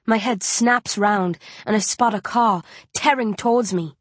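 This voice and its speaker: A woman's voice: medium pitch, a little slow, dry recording. A woman reading a tense story aloud in first person, as an audiobook narrator.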